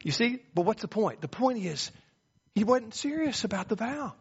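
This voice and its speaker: A pastor preaching a sermon, telling folksy stories with sweeping pitch. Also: male voice, sing-song, moderate pace, husky. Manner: folksy storytelling with dramatic pitch swings. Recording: muffled lo-fi recording.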